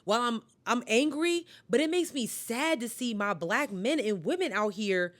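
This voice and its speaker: A woman's voice: a little high, expressive, normal speed. A woman co-hosting a podcast in heated casual chat, ranting with angry, profane emphasis. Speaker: podcast co-host.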